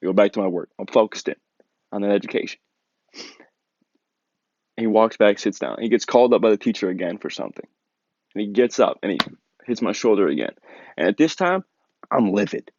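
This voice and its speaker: Low-voiced young man telling a story. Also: brisk, pauses often, no room sound. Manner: animated, filler-heavy, lots of "like". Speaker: vlogger telling a personal story. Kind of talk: casual storytime. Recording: dull lo-fi dry recording.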